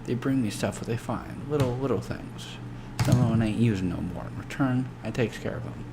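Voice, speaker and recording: A man's voice: mid-range voice, moderate pace, heavy background noise, lightly acted. A man voicing a thin, greasy, hostile male drug dealer in a game, talking crude and snarling. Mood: sly.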